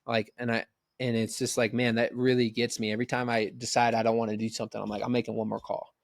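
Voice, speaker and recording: A man in his thirties giving an energetic, conversational motivational business talk, often checking in with "right?". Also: medium pitch, fast talker, no room sound, studio quality. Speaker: business coach.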